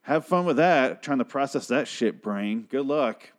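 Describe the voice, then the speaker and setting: A man casually recapping a TV episode, swearing freely and acting out characters' lines in quick put-on voices. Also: mid-range voice, expressive.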